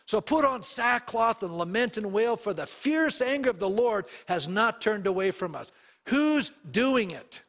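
A man's voice: high-pitched, expressive, moderate pace, few pauses, fairly bright tone. A middle-aged male pastor preaching a sermon, reading scripture aloud and putting questions to his congregation. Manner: reads scripture aloud with emphasis.

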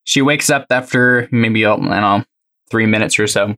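A man's voice: lowish voice, normal speed, pushed and bright. Laid back guy running the game, loose narration. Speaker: game master.

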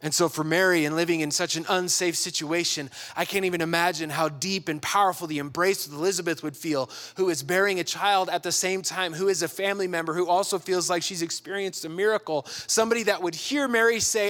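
Man preaching with lively acted asides. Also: high voice, fast, few pauses. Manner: animated, acts out quoted voices. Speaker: pastor. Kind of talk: sermon.

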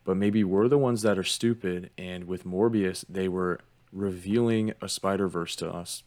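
A man's voice: sits low, fairly even intonation, moderate pace, a little mellow. A man co-hosting a casual podcast, easygoing and agreeable, getting hyped about films. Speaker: podcast co-host. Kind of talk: casual chat.

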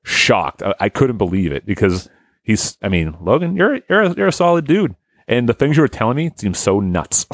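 Chatty guy on a podcast, lowish voice that swings a lot, laughs a bunch, dry close sound. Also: normal speed, dry recording. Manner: animated, laughs often, swears casually. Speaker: podcast host. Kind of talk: casual chat.

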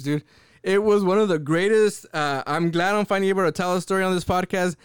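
Brief: young man, high clear voice, dry close mic, casual podcast storyteller, swears a lot. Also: fairly quick, no echo. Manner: animated, profane, lots of fillers. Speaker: podcast host.

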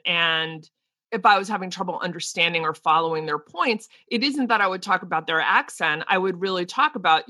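Woman, podcast co-host, teacher, frank, talkative, restarts a lot, bright forceful voice. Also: on the low side, dry recording. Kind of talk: casual podcast discussion.

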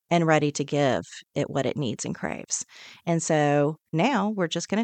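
A woman leading a guided breathing meditation on a podcast, giving slow, soothing, repeated instructions. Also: low-pitched, expressive, darkish tone, no room sound. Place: podcast studio.

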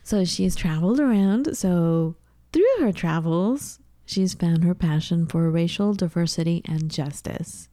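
Woman host, lowish warm voice, chatty and gushy, dry close sound. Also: a little slow, dry recording. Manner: chatty, gushing and playful. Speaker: co-host of a talk show. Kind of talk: casual chat. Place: home kitchen.

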